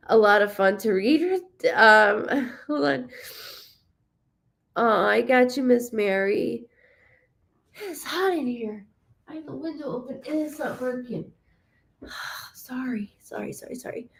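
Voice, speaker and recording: A woman medium hosting a live-streamed reading, chatty and animated, rambling with many fillers, in a warm room with the window open. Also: fairly high pitch, slow, vocal fry, long pauses. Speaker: psychic medium host.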